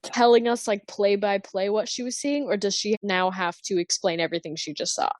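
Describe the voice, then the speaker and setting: A woman playing a tabletop game, asking questions in an excited, tumbling way. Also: mid-range voice, fairly quick, no echo. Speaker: player. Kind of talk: casual tabletop play.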